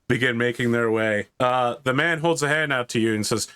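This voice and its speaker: A man's voice: medium pitch, fairly quick, hardly any pauses, pushed and bright, clear, resonant tone. A man running a tabletop game as game master, narrating the action and chatting casually through the rules. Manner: casual, chatty, thinks aloud about rules.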